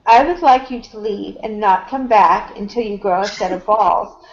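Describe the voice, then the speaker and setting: A woman's voice: medium pitch, normal speed. A woman hosting a casual voice chat, blunt and teasing with the others. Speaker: host. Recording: dull lo-fi online voice chat.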